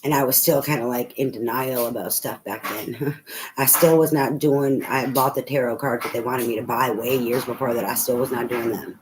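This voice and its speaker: A woman's voice: rumbling low, fairly even intonation, normal speed. Rambling, foul-mouthed woman tarot reader. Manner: rambling, swears freely, laughs often. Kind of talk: casual spoken tarot reading. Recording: noisy home recording.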